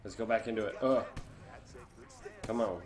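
A man's voice: fairly low pitch, moderate pace. A man casually commentating on his own gameplay, chatting along and groaning or exclaiming when things go wrong. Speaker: gamer.

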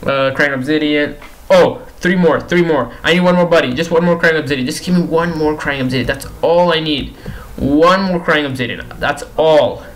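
A man's voice: a little high, moderate pace, fairly bright tone, low-quality recording. A young man giving casual commentary while playing a game, pleading with and teasing the characters on screen and repeating himself in exasperation. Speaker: gaming YouTuber.

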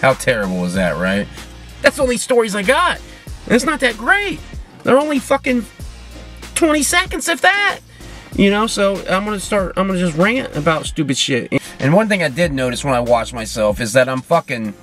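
A man's voice: a little high, very animated, moderate pace, bright, forceful tone, soft background music. A man hosting a podcast, ranting alone from his car, drinking and rambling with lots of swearing and jokes at his own expense. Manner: rambling, profane, self-mocking. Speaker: podcast host. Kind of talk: casual solo rant.

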